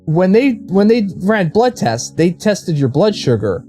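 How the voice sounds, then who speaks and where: A streamer quoting a calm, patient female hospital nurse, in a gently matter-of-fact way. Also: fairly low pitch, a little slow, slightly rough, faint music behind, full character voice.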